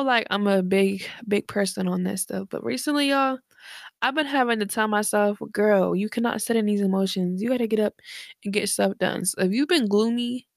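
A woman's voice: mid-range voice, creaky, no room sound, studio quality. A tired, slightly breathless young woman hosting her podcast late at night from her bedroom, chatting casually in a rambling, slangy way with lots of fillers. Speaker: podcast host. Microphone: headphones and desk mic.

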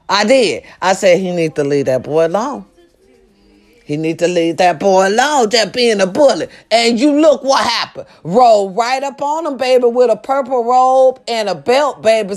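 A woman delivering a comedic rant to her viewers, loud and profane, hollering with big swings in her voice. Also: medium pitch.

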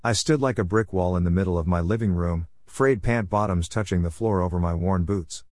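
Low voice guy reading a dark first-person story, measured, dry close sound. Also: dry recording.

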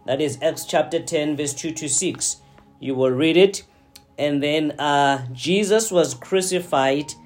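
A man preaching a sermon, slow and deliberate, often checking in with his listeners. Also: fairly high pitch. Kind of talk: sermon teaching.

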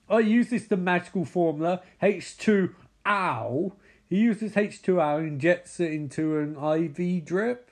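High-pitched man, sarcastic movie riffer who gets worked up and swears. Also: darkish tone. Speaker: movie reaction commentator. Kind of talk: casual live movie commentary.

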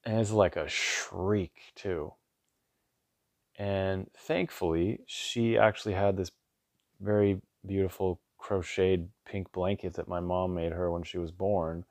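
A man's voice: deep voice, steady tone, slow, a little mellow, dry recording. A man in his thirties hosting a podcast, telling a family story in an earnest, rambling way with restarts and lots of "like". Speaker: podcast host, father. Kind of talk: casual storytelling monologue.

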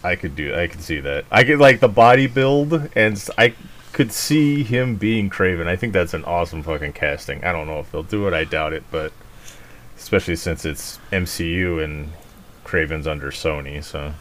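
A man co-hosting a podcast in casual chat, animated and swearing easily, laughing often. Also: sits low, normal speed, slight background noise. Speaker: podcast co-host.

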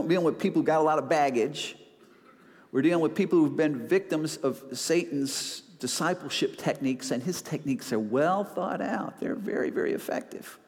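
Conversational preacher man in a reverberant church. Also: fairly high pitch. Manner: conversational, self-deprecating preaching with acted-out asides. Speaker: pastor. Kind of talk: sermon.

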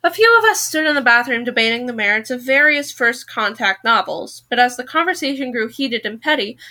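A woman reading a novel aloud in a casual, self-correcting way. Her voice is bright and sits a little high, and she keeps catching and fixing her own stumbles. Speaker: podcast book reader.

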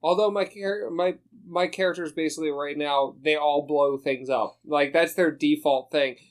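A man with a slightly high voice rambles through a casual group chat about running tabletop games. He laughs often and circles back on his own words. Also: steady tone, moderate pace. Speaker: podcast co-host, dungeon master.

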